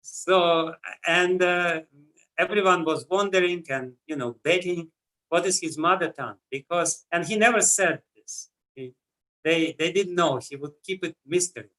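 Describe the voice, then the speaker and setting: A man with a heavy Russian accent gives a scripture lecture, his voice bright and slightly high for a man. He speaks in a measured way, pausing often with "uh" as he works through each point. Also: poor audio. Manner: measured, with frequent "uh" pauses. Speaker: spiritual teacher.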